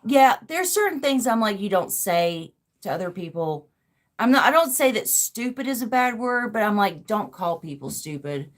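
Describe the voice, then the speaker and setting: A woman's voice: fairly high pitch, expressive, normal speed. A woman, chatting casually as a podcast host, rambling and swearing freely with lots of "like". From American South. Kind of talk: casual chat.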